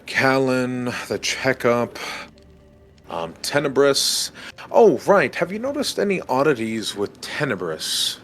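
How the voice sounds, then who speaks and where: A man voices a calm blindfolded man who talks slowly and measures every word. His pitch still rises and falls a lot as he questions, with faint music under him. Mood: curious. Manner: slow, thoughtful, inquisitive. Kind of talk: in-character roleplay chat.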